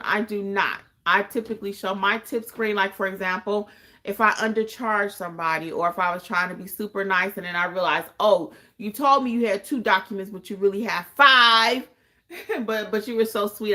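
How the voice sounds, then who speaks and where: A mid-range, pushed, bright female voice belongs to a podcast host and notary trainer running a livestream chat. Taking viewer questions, she is emphatic and repeats points for effect.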